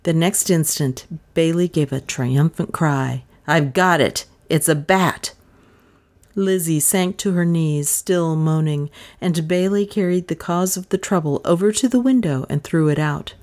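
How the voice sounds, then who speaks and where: A woman's voice: low voice, moderate pace, few pauses, warm tone. A woman narrating an audiobook with dramatic, suspenseful expression.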